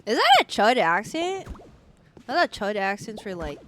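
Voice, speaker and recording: A woman's voice: fairly high pitch, huge pitch swings, moderate pace, noisy background. A woman streaming a video game, chatting casually with her viewers, full of filler likes and laughing at herself. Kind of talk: casual gameplay livestream chat. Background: game music.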